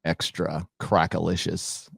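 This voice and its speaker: A man's voice: low-pitched, flat delivery, slow pace, gravelly, husky, no echo, clean studio sound. A man talking as a guest on a casual live chat, blunt and swearing freely as he rants.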